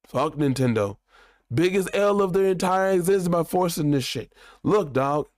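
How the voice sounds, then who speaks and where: A man hosting a show, giving a heated, profane ranting commentary in an animated way. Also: fairly high pitch, normal speed, no room sound, clean studio sound. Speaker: show host.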